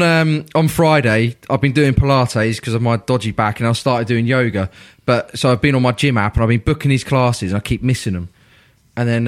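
An English man, a regular pundit on a football podcast, chatting casually and telling animated stories. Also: mid-range voice. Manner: animated storyteller, quick and chatty. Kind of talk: casual chat.

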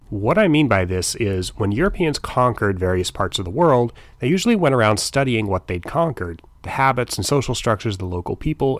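Middle-aged guy telling history on his podcast, lowish voice, wry asides, dry close sound. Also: no room sound. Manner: wry asides in an informal storytelling tone. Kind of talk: scripted history narration.

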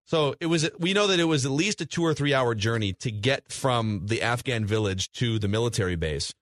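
A man co-hosting a podcast, retelling film scenes in an animated, casual way with lots of fillers. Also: medium pitch, fairly quick, no echo. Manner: animated storyteller, recounting scenes with hedging fillers. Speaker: podcast co-host. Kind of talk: casual movie review chat.

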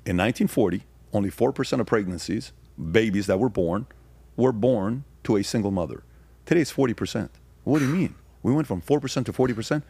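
A man talking as a podcast guest, telling personal stories and then arguing his point emphatically with rapid rhetorical questions. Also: fairly low pitch, lively intonation, creaky, dark tone, husky, dry recording. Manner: frequent fillers and restarts. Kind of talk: casual conversation, storytelling.

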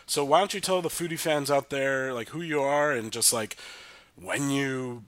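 A man hosting a podcast in casual chat, his voice congested and lowered from a cold, rambling with fillers and restarts. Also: moderate pace, fairly bright tone, no echo. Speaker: podcast host.

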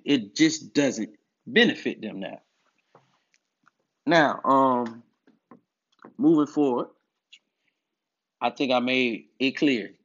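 A man's voice: medium pitch, a bit bright. A man delivering a monologue about masculinity, emphatic and preachy, often repeating his points. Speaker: commentator on masculinity. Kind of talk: direct-to-camera monologue. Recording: dull lo-fi audio.

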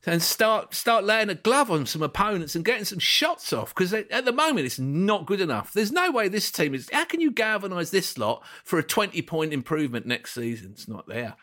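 A man's voice: high-pitched, very animated, fairly quick, few pauses, bright, forceful tone. A man co-hosting a football podcast, ranting in exasperated casual chat.

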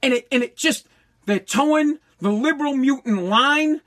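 A man delivering an angry political rant, heated and profane, stumbling over restarts and bursting into shouts. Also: very high-pitched, normal speed. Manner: stumbling restarts when worked up.

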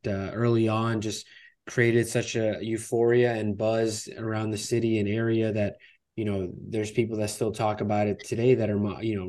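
A man's voice: fairly low pitch, darkish tone. A man hosting a fan podcast in casual sports chat, summing things up and passing the talk to his co-hosts. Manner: wraps up and hands over to co-hosts. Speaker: podcast host.

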